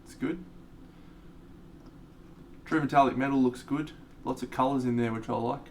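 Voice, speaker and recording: A man's voice: mid-range voice, steady tone, moderate pace, far from the mic, slight background noise. A man with an Australian accent, chatting casually and rambling as he paints miniatures on a live stream and answers viewers.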